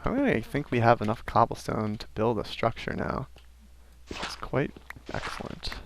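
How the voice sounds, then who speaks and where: Gravelly young man rambling over gameplay. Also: medium pitch, sing-song, moderate pace, a little hiss or hum. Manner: rambling, self-aware asides. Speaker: gaming commentator. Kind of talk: casual let's-play commentary.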